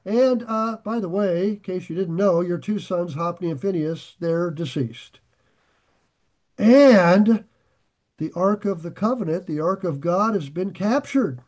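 Excitable high-voiced man teaching scripture. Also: measured pace. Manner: animated, gets excited and raises his voice; reads scripture aloud with chatty asides. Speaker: Bible teacher. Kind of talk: verse-by-verse Bible teaching.

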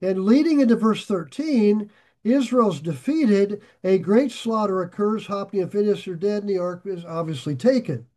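A man teaching a verse-by-verse Bible study, reading scripture aloud and breaking into chatty asides. He gets excited easily and raises his voice. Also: high-pitched.

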